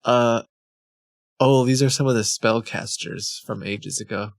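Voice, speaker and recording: A man's voice: medium pitch, fairly even intonation, a little slow, dry recording. A man streaming live, reading scam emails aloud with amused, chuckling, rambling asides. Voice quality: creaky.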